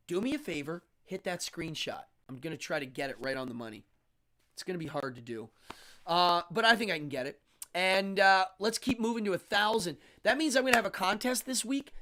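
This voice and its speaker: A man's voice: a little high, sharp tone. A man hosting a live stream, chatting casually and animatedly, greeting viewers and reading the chat aloud into a studio microphone.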